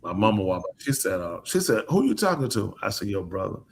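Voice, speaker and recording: A male preacher hosting a live talk show, telling stories in a lively way and acting out the voices of the people he quotes. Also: lowish voice, quick pace, gravelly, slight background noise. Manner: lively storyteller who acts out quoted voices. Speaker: podcast host and preacher. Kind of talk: casual storytelling chat.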